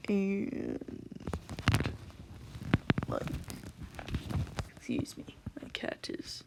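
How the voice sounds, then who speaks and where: A woman giving a casual spoken voice lesson from home at night, in a hushed, half-whispered way with many fillers. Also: mid-range voice, level tone, slow, gravelly, pauses often, a little hiss or hum, low-quality recording. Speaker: voice tutorial creator.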